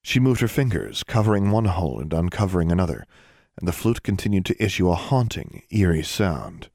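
A very low, gravelly male voice narrates an audiobook with steady, measured control, recorded close up and dry with no room sound at all.

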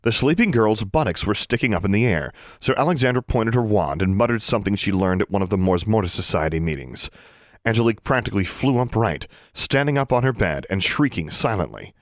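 A man narrating an audiobook chapter with expressive storytelling. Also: lowish voice, dry recording, studio quality. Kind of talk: scripted narration.

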